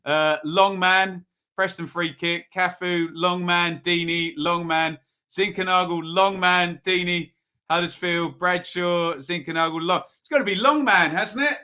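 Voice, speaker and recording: A man's voice: high-pitched, a little slow, pushed and bright. A man hosting a live football review show, chatting casually and reading out viewer votes. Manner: chatty, reads out viewer comments, pleading. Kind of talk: casual live-stream commentary.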